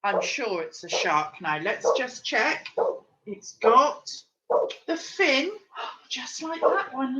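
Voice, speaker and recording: A woman reads aloud from a picture book for little kids at home, her high voice full of gasps and direct questions to her young listeners. The sound is lo-fi, with a noisy background.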